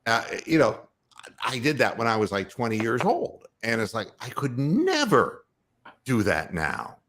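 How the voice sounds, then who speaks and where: An older man hosting a talk show, telling a story with animated swings in pitch and frequent laughter. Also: measured pace. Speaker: radio host.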